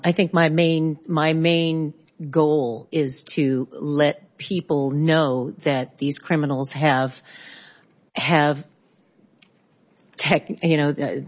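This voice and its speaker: A middle-aged woman from California giving spoken testimony at a hearing, halting, with restarts and pauses. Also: low-pitched, lo-fi sound. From California, USA. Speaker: hearing witness.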